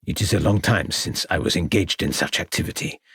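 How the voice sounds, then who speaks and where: A man's voice: low-pitched, expressive, fairly quick, fairly bright tone, slightly rough, dry recording, clean studio sound, voice pushed down, exaggerated voice. A man reading the part of an aging, reclusive French painter who is guarded and grieving, speaking in a muttering way. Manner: muttering, guarded, then anguished.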